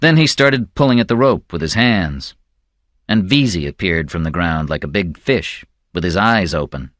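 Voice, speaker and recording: Male audiobook narrator, low and somber, slow measured read, dry close recording. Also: expressive, a bit bright, dry recording.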